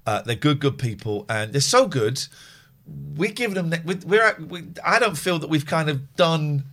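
A man's voice: on the high side, lively intonation, normal speed, a bit bright. Dry-humoured man hosting a phone-in. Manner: dry, teasing, reads sponsor plugs. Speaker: radio phone-in host. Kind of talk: casual late-night phone-in chat.

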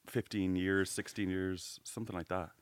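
A man's voice: low voice, little pitch movement, normal speed, clean tone, no echo. A man from Ireland in his thirties, his accent now a blend of Irish and American, co-hosting a podcast and telling stories with lots of laughter and swearing. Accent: mixed Irish and American. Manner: chatty storyteller, laughs often, swears freely. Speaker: podcast co-host. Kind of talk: casual chat.

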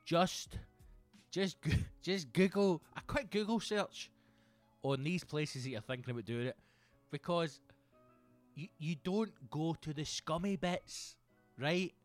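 A Scottish man hosting a comedy podcast, telling sweary, animated stories in a monologue. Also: fairly high pitch, slow pace, faint music behind. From Scotland.

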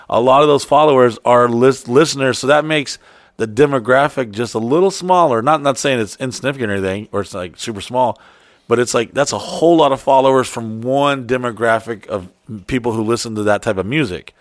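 A podcast co-host chats casually, telling stories laced with lots of swearing and putting on voices for the people in them. He has a medium-pitched voice, talks a little fast, and is recorded in studio quality with no echo.

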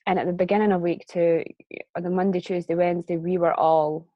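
A woman's voice: lowish voice, steady tone, brisk, no echo, highs cut off. A woman telling a personal story as a guest in a casual conversation, chatty and laughing often. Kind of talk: casual chat.

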